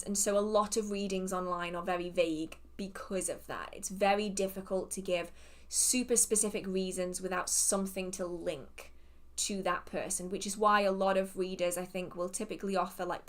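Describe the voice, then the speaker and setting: A woman with an English accent hosting a casual livestream Q&A, chatty and self-deprecating, laughing often and muttering to herself between questions. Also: mid-range voice. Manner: hums and mutters to herself while scrolling. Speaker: host of a live witchcraft Q&A.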